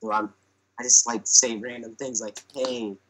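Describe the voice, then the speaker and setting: A man's voice: medium pitch, flat delivery, normal speed, sharp tone, slight background noise, rough recording. A young man telling a comic story on a podcast in a chatty way, full of fillers, and acting out the lines he quotes.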